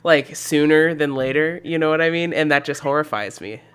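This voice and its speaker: A young man co-hosting a podcast in casual chat, animated and laughing often, swearing freely and calling his co-host "dude". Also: a little high, normal speed, a little hiss or hum.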